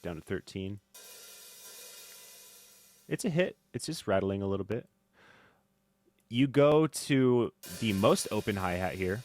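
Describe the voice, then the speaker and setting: A man teaching drum mixing in a casual tutorial, thinking aloud with fillers and swinging in loudness. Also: on the low side, animated, a little slow, long pauses. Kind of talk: casual screen-recorded tutorial. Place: home studio. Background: faint music from drum playback.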